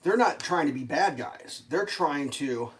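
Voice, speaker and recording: A man's voice: fairly high pitch, lively intonation, a little slow, slightly rough. A man live streaming and chatting casually over breakfast, rambling and profane, with plenty of fillers.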